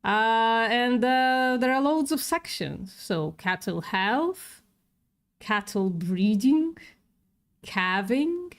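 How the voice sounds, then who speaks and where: A woman's voice: fairly high pitch, expressive, slow, clean tone. A woman livestreaming in casual chat, sarcastic and swearing freely, with a non-native English accent.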